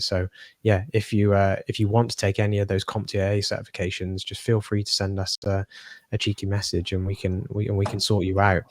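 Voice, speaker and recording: A man hosting a podcast, talking in a relaxed way and often repeating words as he finds his phrasing. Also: on the low side, dry recording. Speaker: podcast host. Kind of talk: casual podcast conversation.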